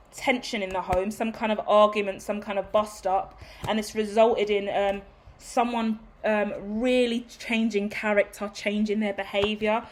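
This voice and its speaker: Woman, tarot reader, casual rambling delivery with a flat, even pitch and frequent check-ins with viewers. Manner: chatty, rambling, keeps checking in with "okay?".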